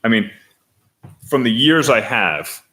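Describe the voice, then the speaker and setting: A man at a school board meeting, explaining budget figures and talking his way through them with restarts and pauses. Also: mid-range voice, sing-song, fairly bright tone. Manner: hesitant, thinking aloud with restarts. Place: meeting room.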